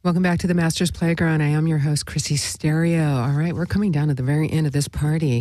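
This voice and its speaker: A woman's voice: low-pitched, steady tone, fast, few pauses, mellow, no room sound, studio quality. A woman hosting a spiritual talk show, speaking in a meandering monologue full of "you know" and "right?". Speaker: host.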